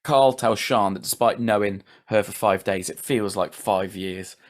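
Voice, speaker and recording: A man's voice: fairly low pitch, unhurried. A man hosting a casual podcast recap, chatty, laughing often and swearing casually. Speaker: podcast host.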